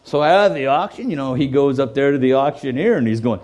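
A man's voice: mid-range voice, fast talker, hardly any pauses, darkish tone, slight background noise. A man preaching a sermon in a conversational way, often checking in with "okay?" and acting out quoted voices. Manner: acts out quoted voices and jokes. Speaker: pastor.

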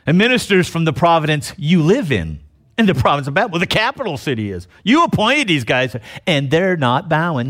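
A man's voice: a little high, a little fast. A middle-aged male pastor giving a conversational sermon, often checking in with the congregation with "okay?". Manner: animated, conversational preaching with frequent "okay?" asides.

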